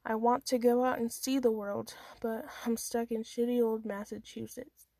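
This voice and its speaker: A woman's voice: on the high side, level tone, normal speed, vocal fry, mellow, no room sound. A woman reading her own first-person story aloud in a casual amateur manner, with small stumbles and restarts.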